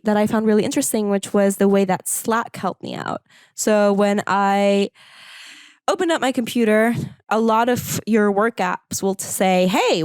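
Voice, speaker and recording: A woman talking as a podcast guest in a casual conversation, animated and quick to laugh. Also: mid-range voice, clean tone, dry recording, clean studio sound.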